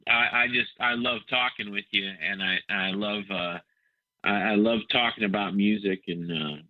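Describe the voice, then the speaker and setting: A man's voice: on the low side, fairly even intonation, normal speed, no room sound. A middle-aged man from Ohio, a musician guest chatting in an interview, with a somewhat nasal voice. He rambles and repeats words, mocking himself with dry humor. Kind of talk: casual interview chat. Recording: dull dry phone-like audio.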